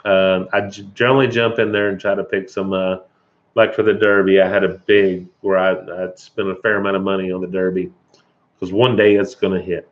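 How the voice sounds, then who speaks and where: A man's voice: low-pitched, level tone, fairly quick. A middle-aged man, hosting a casual livestream chat, chuckling and greeting viewers by name, with an occasional cough. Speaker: livestream host. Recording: dull lo-fi stream audio.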